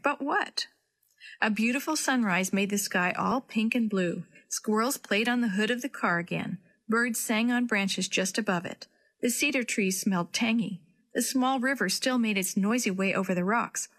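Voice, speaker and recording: Expressive woman reading to children. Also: medium pitch. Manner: warm, friendly and expressive. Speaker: children's story reader. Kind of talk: storybook read-aloud.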